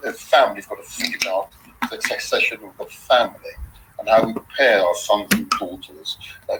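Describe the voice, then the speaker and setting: A man's voice: lowish voice, background noise. A man hosting an online interview, speaking about community and family in a preachy, teasing way. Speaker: interview host. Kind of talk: online interview talk show.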